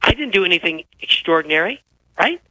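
A man guesting on a radio talk show, telling stories with lively energy while feeling unwell. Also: high voice, brisk, noisy background. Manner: energetic, animated storyteller. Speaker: guest, author. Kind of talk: radio interview, storytelling.

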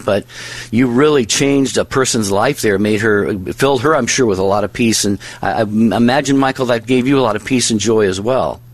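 A male radio host sums up his guest's story in an affirming, reflective way, with plenty of fillers. His voice sits at a middle pitch and sounds dry and close. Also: fairly quick, no room sound. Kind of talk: radio interview.

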